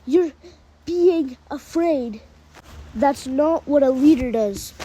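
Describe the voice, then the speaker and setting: A woman's voice: high-pitched, takes it slowly, dark tone, slight background noise, poor audio. Brief: woman doing a scolding male voice in a hallucination.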